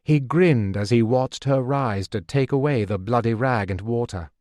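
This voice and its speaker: Male audiobook narrator, mid-pitched, measured and steady; dead-dry close studio read. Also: no room sound. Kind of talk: scripted narration.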